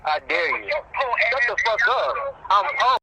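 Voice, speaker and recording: A man's voice: lively intonation, unhurried, gravelly, heavy background noise. A man arguing angrily on a recorded phone call, cursing and swinging his voice around. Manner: angry, cursing, swooping pitch. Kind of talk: heated argument on a recorded call.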